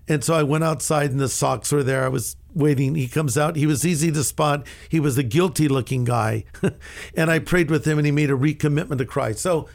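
Middle-aged male pastor, fairly high voice, animated storyteller who voices the people in his anecdotes. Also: a little fast, creaky. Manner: lively anecdotal storyteller, acts out quoted dialogue. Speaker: pastor and author. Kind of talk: storytelling in a radio interview.

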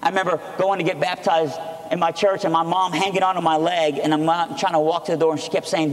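A man's voice: on the high side, level tone, quick pace. A man preaching his testimony, telling the story earnestly and with energy. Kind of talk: sermon testimony. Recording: echoey hall.

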